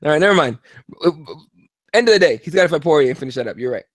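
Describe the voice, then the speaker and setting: A tired man co-hosting a casual sports podcast, talking in a profane, animated and rambling way. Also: a little high, racing, dry recording, clean studio sound. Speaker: podcast co-host.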